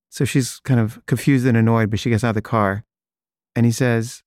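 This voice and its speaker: A man's voice: mid-range voice, fairly even intonation, brisk, darkish tone, no room sound, clean studio sound. Rambling man telling an anecdote. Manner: rambling, lots of fillers, chuckles. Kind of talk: casual personal anecdote.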